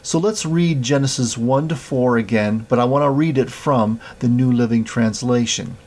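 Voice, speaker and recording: A man preaching a sermon, reading scripture aloud in a measured way. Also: mid-range voice, a little mellow. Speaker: pastor.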